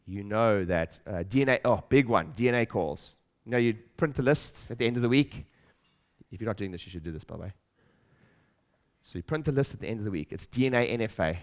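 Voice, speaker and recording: Lower-voiced man giving a stage talk. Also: expressive, brisk. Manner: emphatic, repeats phrases, acts out his own inner voice, asks the audience questions. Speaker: speaker at a practice-building seminar. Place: stage in a room with an audience.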